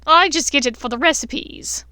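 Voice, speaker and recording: A woman voicing a gloating, unhinged witch aunt with a shrill, sing-song, taunting manner, reading a fan-fiction audiobook. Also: normal speed, pushed and bright, dry recording, clean studio sound. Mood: shrill mocking.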